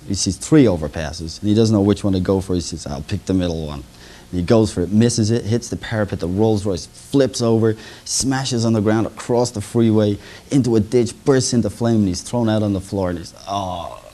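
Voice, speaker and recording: Deep-voiced man telling stand-up jokes. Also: mellow. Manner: mimics drunk characters in the jokes. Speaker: stand-up comedian. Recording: lo-fi 1980s local TV broadcast.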